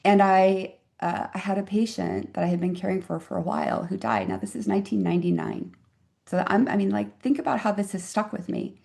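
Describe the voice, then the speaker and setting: A physician in her fifties appears as a guest on an interview podcast, telling stories conversationally in an earnest, reflective and emphatic manner. Her mid-range voice is creaky and darkish, with lively intonation and a slightly fast pace.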